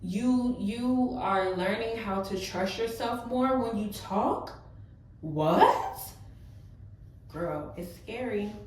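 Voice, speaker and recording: Extremely slow and mid-range, this young woman's voice comes from a distance as she talks openly and emotionally to her viewers. Her heart-to-heart vlog is full of casual fillers, and she's off-mic in an echoey room.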